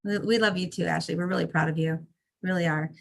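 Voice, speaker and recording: Gravelly middle aged lady hosting a member call, protective mama-bear vibe, chatty. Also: fairly low pitch, steady tone, fast talker. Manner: effusive, motherly, fiercely protective. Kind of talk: casual group-call chat.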